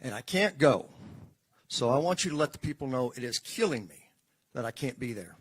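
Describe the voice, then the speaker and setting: A brisk unwell governor on the phone, as a man quotes him. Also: medium pitch, animated, breathy edge. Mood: urgent. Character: a busy male governor, unwell, phoning his aide.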